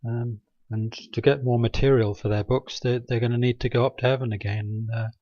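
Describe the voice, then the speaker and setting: A man talks in a loose, sarcastic monologue, stopping often on ums and restarts. His voice sits in an ordinary middle pitch. The recording is dry and a little dull, like cheap home audio. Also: steady tone, a little fast, dry recording. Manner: sarcastic, hesitant with many ums. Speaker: video maker. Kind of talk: rambling satirical monologue.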